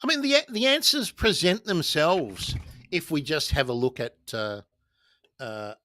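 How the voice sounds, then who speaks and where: A man's voice: on the high side, lively intonation, measured pace, a bit bright, no echo. A man with an Australian accent hosting a casual livestream, talking bluntly, swearing and reading viewer comments aloud. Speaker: livestream host.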